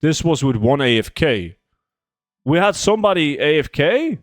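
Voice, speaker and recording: A man's voice: on the high side, sing-song, normal speed, no room sound, studio quality. A man, chatting casually with his viewers as he plays, reading their questions aloud and answering them. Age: 20s. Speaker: streamer. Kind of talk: casual live-stream chat while gaming.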